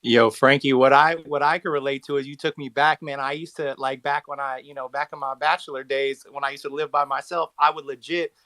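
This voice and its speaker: A man's voice: mid-range voice, little pitch movement, a little fast, hardly any pauses, pushed and bright, no echo. A man in his thirties telling rambling stories in a casual group chat, laughing easily. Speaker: community space speaker.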